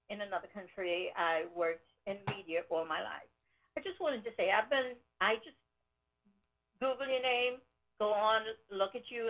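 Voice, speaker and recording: A woman's voice: medium pitch, a bit bright, rough recording. A woman in her sixties calling into a show, earnest and rambling as she talks. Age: 60s. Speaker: caller. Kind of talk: phone-in call.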